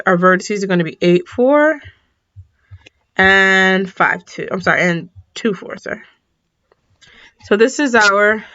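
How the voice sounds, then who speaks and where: A woman teacher walks through a math problem in a relaxed, casual way, tired and stifling yawns as she goes. She corrects herself often and apologizes along the way. Her voice sits at a middle pitch, and the recording sounds dull and lo-fi. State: yawning, tired. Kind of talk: recorded lesson at a whiteboard.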